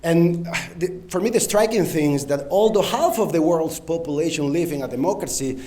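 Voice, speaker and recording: Spanish accented guy doing a conference keynote, slightly high voice, lots of ums, talks right to the crowd. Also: normal speed, mellow. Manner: frequent ums and uhs, engages the audience with direct prompts. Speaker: conference speaker. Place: conference hall stage.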